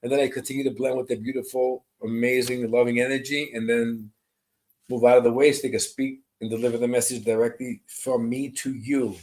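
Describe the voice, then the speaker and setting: A man working as a medium on a live stream, greeting viewers by name and describing spirit messages in a soft, reassuring way. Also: medium pitch, flat delivery, a little fast, poor audio.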